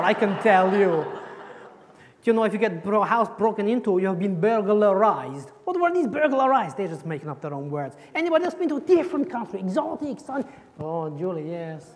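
A woman's voice: mid-range voice, darkish tone. A woman giving a playful children's sermon in church, joking and quizzing her audience. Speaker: preacher leading a children's talk. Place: church hall. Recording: echoey church hall.

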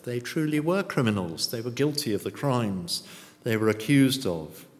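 A man's voice: medium pitch, big pitch swings, a little slow. A man preaching a sermon in a church, often putting rhetorical and tag questions to the congregation. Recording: long church reverb.

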